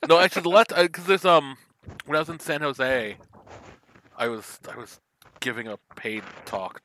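A man's voice: fairly high pitch, lively intonation, normal speed, pushed and bright, a little hiss or hum. A man from the American West Coast co-hosting a podcast, chatting animatedly with casual swearing and rambling asides. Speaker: podcast co-host. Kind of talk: casual chat.

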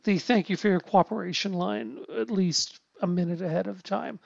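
A man chatting casually about a film, halting often with restarts, fillers and casual swearing. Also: high voice, creaky, no room sound. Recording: dull lo-fi sound.

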